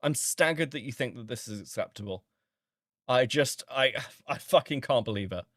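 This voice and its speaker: A man's voice: medium pitch, animated, normal speed, fairly bright tone, no echo, clean studio sound. A man hosting a stream, reacting to a video with exasperated, incredulous anger, swearing and laughing in disbelief. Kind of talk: angry reaction commentary.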